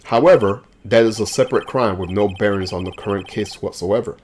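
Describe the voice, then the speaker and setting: A man voicing a cool, formal male prosecutor in a game playthrough, measured and stiff. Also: on the low side, a little mellow, slight background noise, lightly acted.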